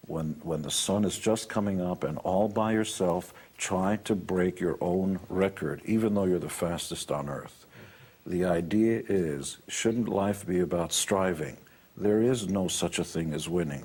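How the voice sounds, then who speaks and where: A very low, husky voice belongs to an older man who talks bluntly and brags freely. He tells his stories like a seasoned speaker laying down life advice. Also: a little mellow. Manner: boastful, blunt. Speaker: motivational speaker. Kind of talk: storytelling talk.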